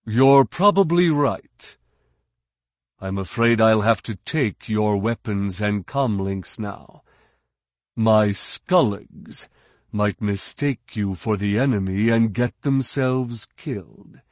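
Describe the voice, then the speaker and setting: A man voicing a sly, smooth-talking male security officer, amiable on the surface and quietly menacing. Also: fairly low pitch, takes it slowly, dry recording, studio quality.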